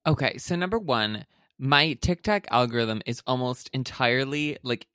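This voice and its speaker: A man's voice: medium pitch, moderate pace, clear, resonant tone, no room sound, studio quality. A man co-hosting a podcast, telling rambling stories full of tangents in a casual chat. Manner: rambling, animated storytelling with tangents. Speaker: podcast co-host.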